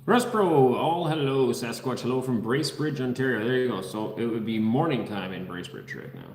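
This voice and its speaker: Hosting a casual livestream from an unfinished house under construction, a Dutch man reads viewers' comments and names aloud in an easygoing way. His medium-pitched voice is brisk, and the echoey room leaves a long reverb tail.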